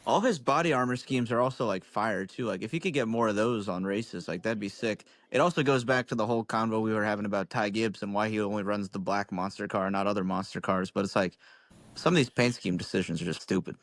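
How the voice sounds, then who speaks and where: A man's voice: lowish voice, quick pace, dry recording. A man co-hosting a racing podcast, laid-back and joking in casual chat. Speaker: podcast co-host.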